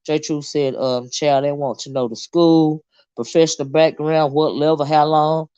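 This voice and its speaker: A woman's voice: deep voice, steady tone, normal speed, warm tone, smooth, no echo, lo-fi sound. A woman hosting a casual livestream and reading her chat, blunt and swearing freely, with a habit of repeating herself.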